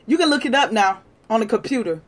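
A woman hosting a livestream, lecturing and challenging viewers in a combative way, moving from shouting to quiet muttering. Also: on the high side, lively intonation, quick pace. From United States. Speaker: livestream host. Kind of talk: live-stream rant to viewers.

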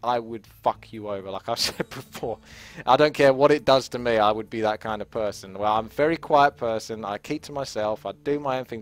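Candid, rambling man telling a story. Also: fairly low pitch. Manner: rambling, candid, swears freely. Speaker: fitness vlogger. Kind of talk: casual storytelling vlog.

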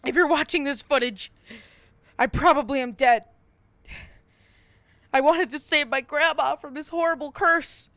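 Woman gaming, very high voice, slow unhurried delivery, mock-dramatic, curses and yells. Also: no room sound. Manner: melodramatic mock-heroic monologues, swearing and yelling. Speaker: gamer. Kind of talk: gameplay commentary.

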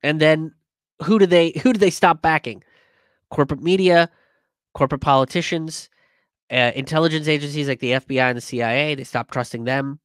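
A comedian hosting a casual commentary stream, reading viewer comments and talking it through with lots of fillers and restarts. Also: male voice, on the high side, a little fast, clean tone, no echo, studio quality. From immigrant. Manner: conversational, many fillers and restarts, animated when quoting others.

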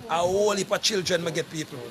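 A fast-talking middle-aged Jamaican vlogger, his voice high and fairly even in intonation, addresses the camera casually over background noise. He makes a repetitive, emphatic appeal for donations, calling out to people again and again.

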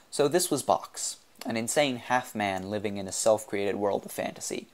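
A man narrating an audiobook in a measured, expressive reading. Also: fairly low pitch. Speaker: audiobook reader.

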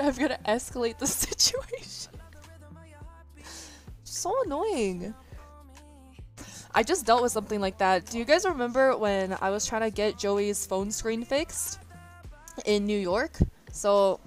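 A young woman streamer chatting casually with her viewers, rambling, swearing freely and laughing often. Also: medium pitch. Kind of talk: casual chat. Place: indoors near a window. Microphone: iPhone as webcam.

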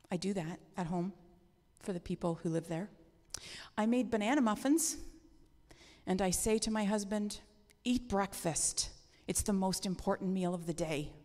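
A woman's voice: medium pitch, a little mellow. A woman leading a children's talk in a church service, friendly and asking the children questions, with a long church-hall reverb. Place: church sanctuary.

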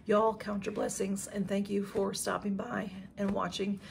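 A woman's voice: medium pitch, flat delivery, unhurried, gravelly, a little hiss or hum. A woman chatting casually to her camera as a vlogger, gushing with emotion and thanking over and over. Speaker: YouTube vlogger. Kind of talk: casual unboxing chat to camera.

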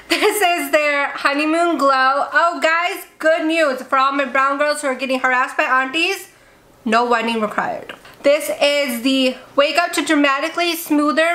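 A young woman vlogging casually as she unboxes beauty products, gushing and gasping with excitement. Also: sits high. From India. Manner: gushing, excitable, gasps often.

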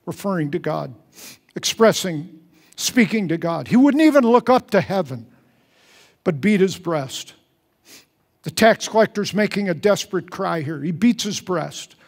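A male pastor preaching a sermon in an earnest way, repeating key phrases for emphasis and leading the congregation. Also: high-pitched. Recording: church service recording.

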